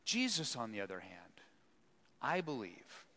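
A man preaching a sermon who retells a Bible story and acts out its people with lively energy. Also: mid-range voice, unhurried, long reverb tail. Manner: animated, acts out voices.

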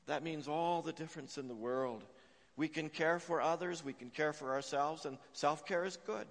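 Guy preaching a sermon in a church, goes quiet then loud, big hall reverb. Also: fairly high pitch, moderate pace, gravelly. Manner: dynamic, swings from hushed to emphatic; storytelling with filler "uh". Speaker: pastor. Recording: long reverb of a large hall.

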